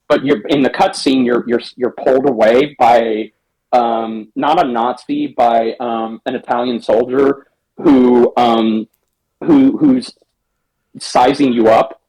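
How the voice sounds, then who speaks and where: A man with a husky, slightly breathy voice talks casually as a podcast co-host. He rambles and restarts as he retells things. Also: mid-range voice, a little mellow, poor audio. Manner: rambling, restarts, acts out lines in raised voices. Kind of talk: casual chat, retelling a game scene.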